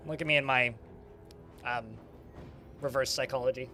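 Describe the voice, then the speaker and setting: A man's voice: mid-range voice, steady tone, moderate pace, bright, forceful tone, faint music behind. A man casually commentating a strategy game while streaming, chatty and swearing now and then. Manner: chatty, swearing, talks to chat.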